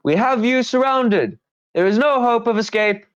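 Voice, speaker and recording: A man playing a young highway bandit who barks his demands at travelers. The voice sits far above the man's usual deep tone and comes out loud and pushy, on a slightly dull, lo-fi recording. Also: animated, moderate pace, clear, resonant tone. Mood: shouting threats.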